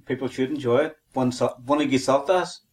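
A man's voice: medium pitch, fairly quick, a little mellow. A man with a Northern Irish accent co-hosting a podcast, teaching a language lesson methodically and spelling and repeating words.

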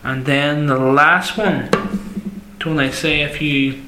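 A man's voice: fairly high pitch, steady tone, slow, echoey room, background noise. A man co-hosting a language lesson, chatty and encouraging to learners.

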